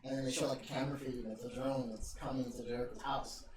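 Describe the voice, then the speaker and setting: A man on a casual podcast, retelling wrestling stories with loud swearing and laughter. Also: mid-range voice, fast talker. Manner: animated storytelling with swearing and laughter. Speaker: podcast host. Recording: roomy, distant, noisy home recording.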